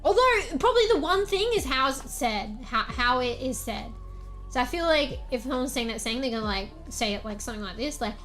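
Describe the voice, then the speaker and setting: A woman's voice: high-pitched, animated, brisk, a bit bright, faint music behind. Rambling young Australian woman streamer. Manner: rambling, swears often, laughs between thoughts. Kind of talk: casual chat.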